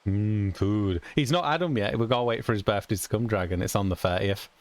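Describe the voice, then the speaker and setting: A young British man rambles casually while streaming a game, chuckling a lot and cursing mildly. His voice sits on the low side and moves briskly, recorded with no room sound.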